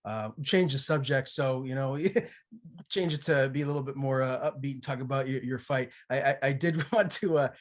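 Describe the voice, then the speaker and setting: A man hosting a podcast, asking questions in a halting way with repeated words and a sympathetic tone. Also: medium pitch, fairly even intonation. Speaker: podcast host, interviewer. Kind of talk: interview questions.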